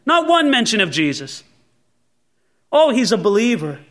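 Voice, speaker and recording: High-voiced man preaching a sermon. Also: sing-song, a bit bright. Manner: earnest preaching, slows and stresses for scripture quotes. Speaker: pastor.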